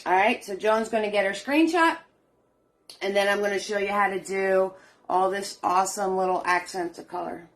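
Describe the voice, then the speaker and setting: With faint music in the background, a middle-aged woman runs a live online painting lesson in a mid-range voice at a moderate pace. Her manner is warm and talkative, encouraging viewers, greeting them by name and calling them sweetheart and hun.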